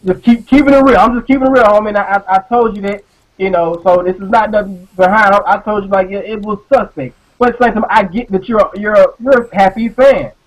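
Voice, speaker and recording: A man co-hosting an online live show, ranting in a casual, profane, animated way and often repeating words as he talks. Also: sits high, quick pace, low-quality recording. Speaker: podcast co-host.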